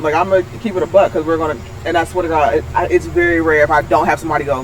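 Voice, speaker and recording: A man's voice: a little high, fairly even intonation, rapid-fire, few pauses, slight background noise, rough recording. A young man co-hosting a casual podcast, telling stories bluntly with lots of swearing. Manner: blunt, profane, storytelling. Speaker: podcast co-host.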